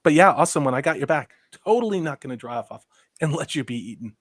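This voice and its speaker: A man's voice: on the high side, lively intonation, quick pace, no room sound, studio quality. Sarcastic rambling male livestream host. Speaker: livestream host reading chat. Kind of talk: casual livestream chat.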